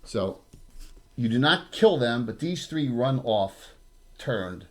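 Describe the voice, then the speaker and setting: A man's voice: mid-range voice, animated, slow, fairly bright tone. South Jersey man running a tabletop game. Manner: loose, chatty, full of fillers. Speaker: game master.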